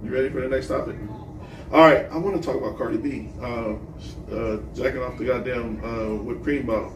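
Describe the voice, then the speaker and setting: A man hosting a casual podcast chat, talking in an animated way, swearing and getting louder when worked up. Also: mid-range voice, brisk, distant mic. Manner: animated, swearing, rising to a near-shout when heated. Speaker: podcast host. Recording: echoey room, off-mic, faint noise.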